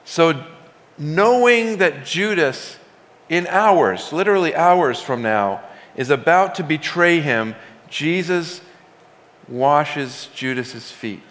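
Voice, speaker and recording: A man's voice: fairly high pitch, animated, takes it slowly, fairly bright tone. A man preaching a sermon as pastor, talking conversationally and building emphasis as he retells a scripture story in his own words. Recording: long hall reverb.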